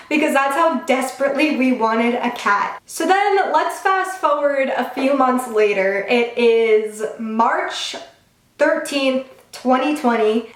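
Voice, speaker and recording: A woman's voice: fairly high pitch, reverberant. A woman in her twenties telling a casual storytime vlog, chatty and full of "like". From Long Island, New York. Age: 20s. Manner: chatty, says "like" often. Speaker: vlogger.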